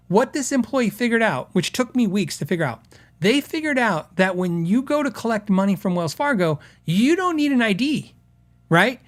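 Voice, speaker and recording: A middle-aged man hosting a podcast, telling long stories in a rambling way and acting out the people in them. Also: high voice. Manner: rambling with restarts, acts out quoted customers. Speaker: podcast host. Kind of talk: casual storytelling.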